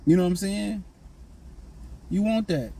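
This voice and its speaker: A man's voice: sits high, measured pace, creaky, dark tone, slightly rough, low-quality recording. A man giving blunt, slangy dating and self-improvement advice in a casual, repetitive monologue.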